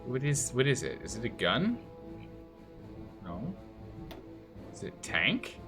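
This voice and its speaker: A man's voice: mid-range voice, big pitch swings, takes it slowly, music in the background. A man streaming a strategy game and commenting live, thinking aloud and scolding the game's nations in mock outrage.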